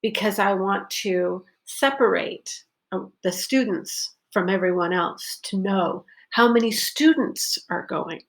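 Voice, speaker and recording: A woman teaching pronunciation, talking slowly and carefully and repeating example sentences. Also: mid-range voice, creaky. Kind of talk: unscripted pronunciation lesson.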